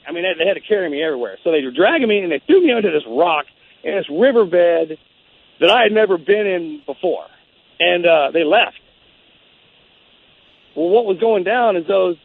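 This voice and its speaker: A man in his forties, the guest, telling a story in a halting, rambling way full of restarts. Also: high-pitched, slightly rough. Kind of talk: casual storytelling. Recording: phone-like narrow sound.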